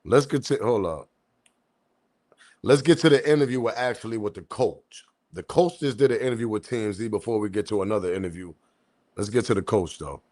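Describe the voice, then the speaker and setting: A man's voice: lowish voice, fairly quick, darkish tone. A man from the US East Coast with his accent, hosting a casual live-stream commentary with slangy, loose talk and chuckling asides to his chat. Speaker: commentary channel host.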